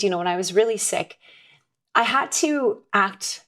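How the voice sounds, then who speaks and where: A woman's voice: medium pitch, a little slow. A woman guest telling a personal story in an earnest, candid way, often restarting her sentences. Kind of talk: conversational storytelling.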